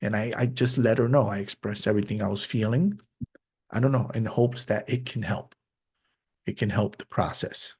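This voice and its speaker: A man hosting a podcast, speaking openly and reflectively in a personal monologue, sometimes halting and restarting his sentences. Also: lowish voice, a little mellow, breathy edge. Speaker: podcast host.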